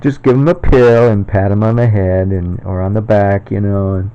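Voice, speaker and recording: Gravelly, dark-voiced man rambling. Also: on the low side, fairly even intonation, normal speed. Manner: rambling, chuckling often. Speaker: video maker. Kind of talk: casual rambling monologue. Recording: dull lo-fi recording.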